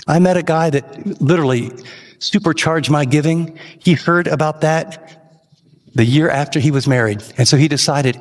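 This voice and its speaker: A pastor giving an earnest, emphatic sermon with rising questions. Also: male voice, a little high, moderate pace, big-room sound.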